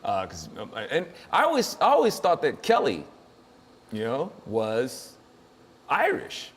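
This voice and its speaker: A man's voice: medium pitch, wildly swooping pitch, a little slow, a little hiss or hum. Joking, rambling male show host. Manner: jokey, rambling, laughs often. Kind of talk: casual comedic chat.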